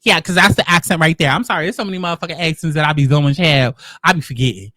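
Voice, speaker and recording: A man hosting casual reality-show commentary, telling the story in a sassy, profane, animated way. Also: a little high, quick pace, no echo, clean studio sound. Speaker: commentary host.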